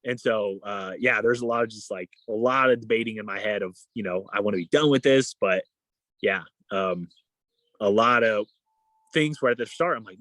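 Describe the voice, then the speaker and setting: A man's voice: fairly low pitch, normal speed, dry recording. A young adult man, a guest in a casual interview, telling a story and acting out the voices of the people in it. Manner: animated, acts out quoted dialogue. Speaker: guest, endurance athlete.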